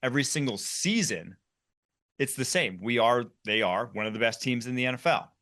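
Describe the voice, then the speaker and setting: A man hosting a football talk show, animated and quick as he runs the segments. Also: medium pitch. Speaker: podcast host.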